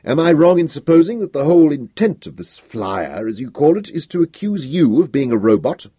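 An imperious emperor of a galaxy, voiced by a man reading an audiobook, fires off indignant, demanding questions. The voice climbs higher than the narration and swings widely in pitch. It is a little husky and recorded dry and close. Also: big pitch swings, moderate pace, dark tone, no room sound. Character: imperious, agitated galactic emperor, adult man. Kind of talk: audiobook character voice.

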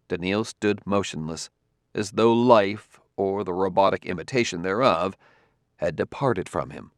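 Man, audiobook narration, lowish voice, dry close recording. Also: unhurried, no room sound. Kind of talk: scripted narration.

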